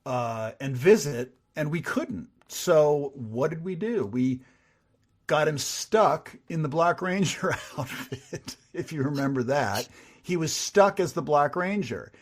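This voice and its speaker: Man telling lively behind-the-scenes stories. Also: on the high side, slow. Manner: animated storyteller who acts out quoted dialogue. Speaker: writer and producer, podcast guest. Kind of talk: casual interview storytelling.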